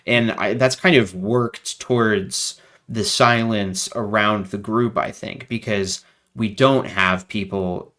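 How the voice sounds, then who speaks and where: Low-voiced man chatting as guest. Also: slow. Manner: animated, rambling with frequent fillers and laughs. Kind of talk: casual conversational interview.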